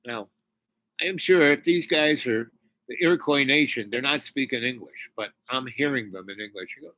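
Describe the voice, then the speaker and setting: A man telling a personal spiritual story in a rambling, halting way, with many restarts, dropping to near whispers when moved. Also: mid-range voice, pushed and bright, no room sound, poor audio. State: tearful near the end.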